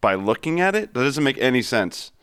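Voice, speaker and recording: A man hosting a comedy podcast, quick to anger, swearing and ranting. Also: medium pitch, very animated, a bit bright, smooth. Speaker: podcast host.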